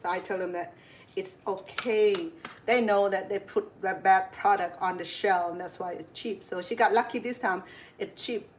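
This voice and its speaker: A middle-aged woman chef talks her way through a home cooking demo in a loose, rambling way. She drifts into side stories and stops to fix her own words. Her pitch sits in the ordinary middle range, with a faint hiss behind her. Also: fairly even intonation, moderate pace. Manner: chatty, rambling, corrects herself mid-sentence. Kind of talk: casual cooking demonstration.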